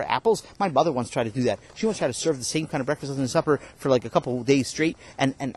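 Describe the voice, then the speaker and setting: A man voicing a chatty schoolboy who rambles quickly and excitedly. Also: on the high side, husky. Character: chatty, clever boy student.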